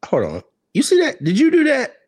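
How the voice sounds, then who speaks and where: A man's voice: extremely high pitch, brisk, no room sound. A man co-hosting a podcast, casually telling a story, laughing often and acting out what people said. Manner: laughing, animated, acts out quotes. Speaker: podcast co-host.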